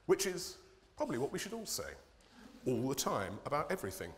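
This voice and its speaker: A man's voice: mid-range voice, wildly swooping pitch, brisk, slight background noise. A man giving a humorous, irreverent conference talk, swearing freely with dry comic timing. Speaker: conference speaker, cartoonist. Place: conference hall. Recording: long hall reverb.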